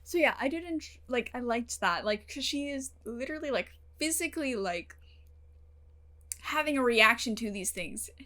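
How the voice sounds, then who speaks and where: A young woman rambles to her camera with a slightly raised pitch, her talk loose and full of fillers. She gets emotional and animated as she goes, swearing now and then. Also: moderate pace. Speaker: reaction channel host. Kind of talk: casual talk to camera about a TV episode.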